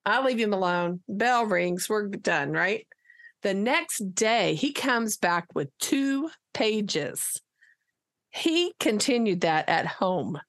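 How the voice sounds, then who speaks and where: A woman teacher telling a lively classroom story in casual conversation, acting out the dialogue as she goes. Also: medium pitch, slow.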